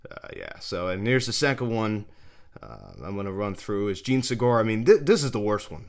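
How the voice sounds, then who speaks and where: A man hosting a fan sports channel, breaking down game replays in an exasperated, repetitive way, his pitch jumping up in disbelief. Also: sing-song, normal speed.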